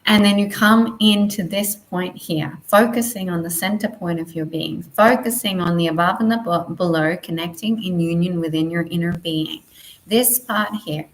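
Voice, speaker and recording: A woman teaching a spiritual lesson in a soft, flowing, affirming way, with gentle emphasis. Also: lowish voice, a little hiss or hum, poor audio.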